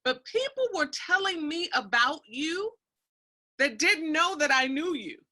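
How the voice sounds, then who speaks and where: Female interviewer, high and animated, asks friendly questions at an unhurried pace. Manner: warm, laughs easily, friendly questions. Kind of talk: casual conversational interview.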